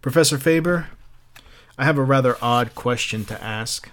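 A man's voice: medium pitch, normal speed, a bit bright, natural voice. Troubled fireman, earnest and urgent, man reading him.

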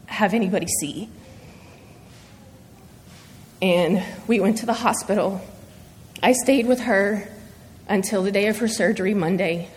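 A woman sharing a personal faith testimony before her church, speaking earnestly and haltingly through emotion. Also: mid-range voice. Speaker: church member giving testimony. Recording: long reverb of a large hall.

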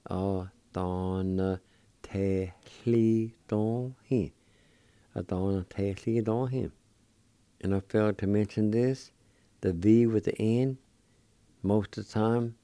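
The voice is lowish, gravelly and mellow, with no room sound. It belongs to a middle-aged man on the radio who patiently teaches words, spelling and pronouncing them and repeating each slowly and with deliberation.

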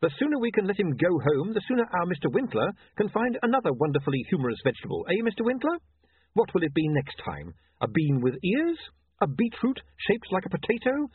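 A man doing a wry young editor, higher voice. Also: huge pitch swings, slightly rough, no echo, exaggerated voice. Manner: wry, hurried. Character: young male newspaper editor, wry and anxious. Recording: tinny phone-like, dry.

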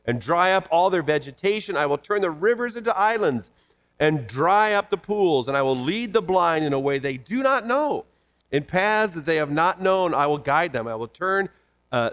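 A male pastor preaching a sermon, his fairly high voice rising and falling in a wide, lively sweep. He reads scripture aloud, then breaks off to comment on it with emphatic energy. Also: normal speed.

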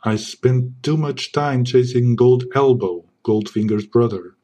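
A man playing a smug secret agent in a comedy sketch, keeping a low, smooth, deadpan voice. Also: unhurried, natural voice. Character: suave smug male secret agent parody.

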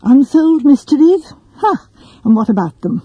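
A woman voicing a dried-up little elderly male lawyer who speaks in a dry, clipped way, raising her pitch. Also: sing-song, unhurried, dark tone, no room sound, dull audio. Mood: quizzical.

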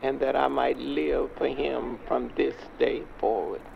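An actor playing a stern elderly churchgoer, leading a young man through a prayer in a slow, measured, preacherly way. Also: mid-range voice, little pitch movement, gravelly, crowd noise. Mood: solemn. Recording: dull lo-fi with street noise.

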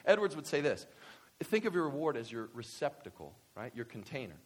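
Male pastor, lively sermon delivery, loud spikes. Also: mid-range voice, brisk, breathy edge. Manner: animated, swings from quiet to loud excited bursts.

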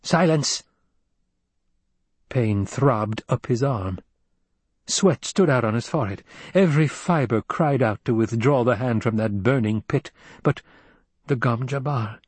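A male audiobook narrator who reads slowly and deliberately, in a husky voice. The sound is dry and close to the mic, with no room around it. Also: medium pitch, a little mellow, dry recording. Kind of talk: scripted narration.

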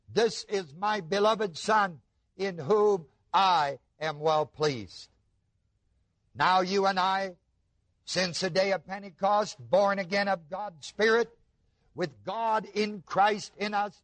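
A preacher with a fairly high voice delivers a slow, emphatic sermon, leaning hard on key words and stopping to pose rhetorical questions to his audience. The recording is dry, with no room sound.

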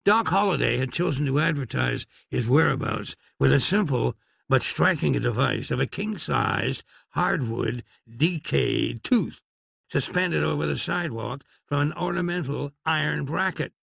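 A man's voice: mid-range voice, lively intonation, measured pace, gravelly, fairly bright tone, slightly rough, dry recording, studio quality. A man reading an audiobook in a wry, dryly humorous manner. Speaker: narrator.

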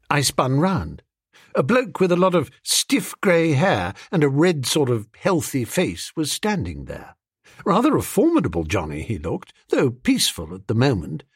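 A man narrating a comic story in an animated, playful way. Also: on the high side, unhurried, husky, no room sound, studio quality. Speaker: audiobook narrator. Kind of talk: scripted narration.

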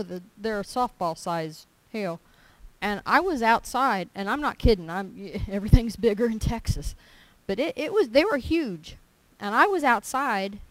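Speaking at a medium pitch, a church speaker shares her testimony in sermon form, telling stories with animated emphasis and performing the dialogue. The recording has no room sound and is of low quality.

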